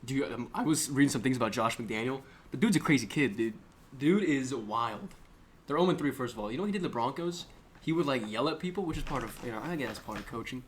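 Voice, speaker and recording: A young man chats casually on a podcast. He tells rambling, jokey stories in an animated way, and a faint hiss sits under his voice in a small room. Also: medium pitch, fast. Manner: rambling, joking, animated storytelling. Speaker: podcast co-host. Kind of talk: casual chat.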